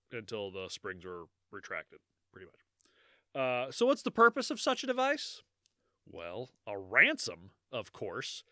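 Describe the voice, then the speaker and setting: A man co-hosting a podcast, telling a dark history in a joking, rambling way and laughing often. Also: medium pitch, dry recording, studio quality. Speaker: podcast co-host. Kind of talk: casual podcast chat.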